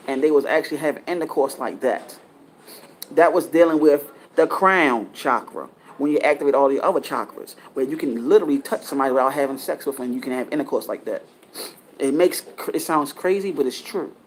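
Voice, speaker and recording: A man's voice: fairly high pitch, slight background noise. A man giving a casual spiritual talk, earnest and lecturing, rambling and often restarting his sentences. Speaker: spiritual teacher.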